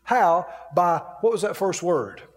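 A man's voice: high-pitched, lively intonation, unhurried, in a large hall. A man preaching a sermon in a folksy way, laughing as he acts out grumbling complaints.

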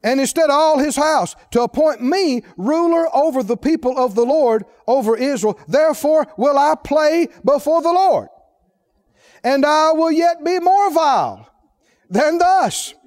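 A man preaching a sermon emphatically, swinging from high mocking quotes down to low, grave tones. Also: in a large hall.

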